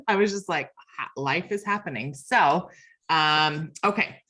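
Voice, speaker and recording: A woman's voice: low-pitched, takes it slowly, sharp tone, slightly rough. A woman filling in as host of a video call, chatty and self-deprecating, laughing often. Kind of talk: casual video call chat.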